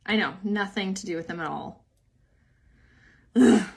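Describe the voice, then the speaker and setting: Unhurried and creaky, her mid-range voice carries a casual makeup live stream where she rambles, replies to viewers' comments, laughs easily, and leans heavily on "like." She's a young woman.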